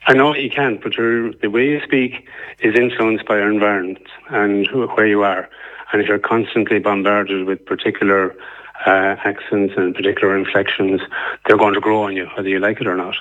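An Irish man phones in to a radio show, earnest and hesitant, pausing often as he argues his point. His voice is low and squeezed through a tinny phone line. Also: fairly even intonation. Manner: earnest, hesitant with many ums. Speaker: radio caller. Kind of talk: phone-in opinion.

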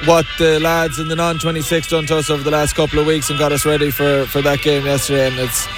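Brief: young Mayo man, modest halting footballer interview, monotone, loud music underneath. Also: a little high, poor audio. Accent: Irish, Mayo. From Belmullet, Ireland. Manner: halting, modest, many fillers. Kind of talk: post-match interview.

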